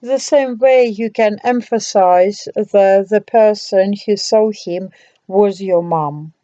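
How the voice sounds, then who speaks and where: A woman narrates a scripted language lesson at a very slow, careful pace, spelling out each example. Her voice is mellow and middle-pitched. The recording sounds dull and lo-fi. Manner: slow, careful, deliberate delivery. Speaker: language teacher.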